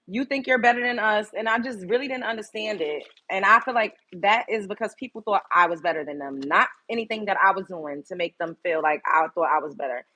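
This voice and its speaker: A young woman's mid-range voice with a sharp tone carries this casual livestream from Brooklyn, New York. She's outspoken and candid, cursing freely and welcoming viewers by name.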